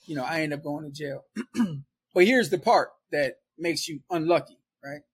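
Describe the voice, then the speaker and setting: A man from Milwaukee telling a story in casual street slang, animated and often laughing. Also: fairly high pitch, normal speed, a little hiss or hum. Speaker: storyteller guest.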